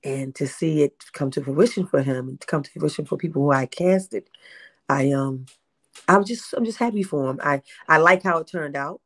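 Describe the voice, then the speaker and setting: Woman, 50s; lively interview storyteller who repeats phrases and acts out dialogue. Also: low voice, normal speed. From Baltimore, USA. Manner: animated, repeats herself, acts out quotes. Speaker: interview guest, independent filmmaker.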